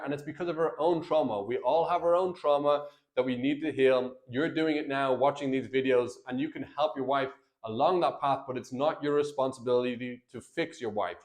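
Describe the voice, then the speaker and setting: Brief: earnest man, marriage coach talking to camera, mid-pitched voice, plain direct delivery. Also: fairly quick. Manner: earnest, plain-spoken, addresses viewers as guys and brother.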